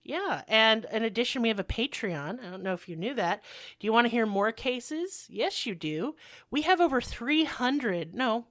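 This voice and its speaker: A woman's voice: on the high side, animated, moderate pace, fairly bright tone, no room sound, studio quality. A woman co-hosting a podcast, chatting casually and joking through the show announcements, rambling with frequent restarts. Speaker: podcast co-host.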